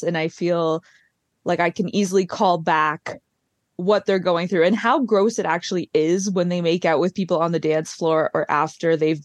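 A woman's voice: fairly low pitch, no room sound. A woman co-hosting a podcast, chatting casually in a wry, vivid way. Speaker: podcast co-host. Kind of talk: casual chat.

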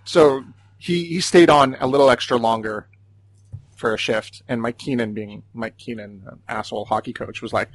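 A man's voice: mid-range voice, moderate pace. A man in his forties co-hosting a podcast, telling stories in casual chat and acting out what people said. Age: 40s. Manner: storytelling, acting out quotes. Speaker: podcast co-host.

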